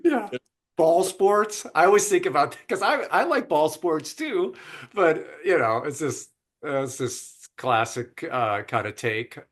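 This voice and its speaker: This man, a podcast host, has a fairly high-pitched voice and takes his time. Chatting casually over a remote call, he animatedly recounts an anecdote and imitates the voices of its characters.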